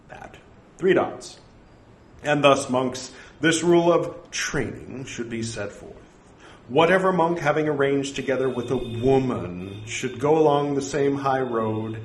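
A man reciting scripture aloud, reading out the punctuation and breaking off for joking, apologetic asides. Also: mid-range voice. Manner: reads punctuation aloud, wry self-mocking asides. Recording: echoey room with faint ambient noise.

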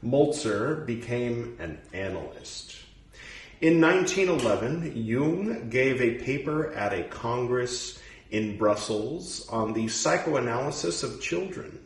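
A man's voice: mid-range voice, lively intonation, slow. A man in his forties reads aloud and breaks off for casual, rambling commentary and apologetic asides. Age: 40s. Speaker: reader and commentator. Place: room in Goa, India. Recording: roomy sound, distant from the mic.

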